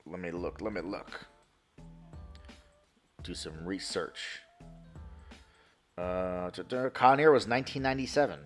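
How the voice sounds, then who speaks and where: A man in his thirties from New York, chatting casually on a live stream, answering chat in a profane, excitable, rambling way. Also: sits low, a little slow, long pauses, soft background music.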